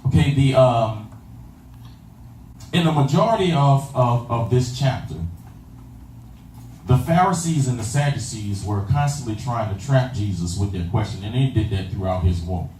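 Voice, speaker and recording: A man's voice: medium pitch, lively intonation, normal speed, warm tone, slight background noise. A man preaching a sermon, repeating phrases and asking the congregation if they follow him. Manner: call-and-response, repeats phrases, asks "you understand that?". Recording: echoey room from far off with faint ambience.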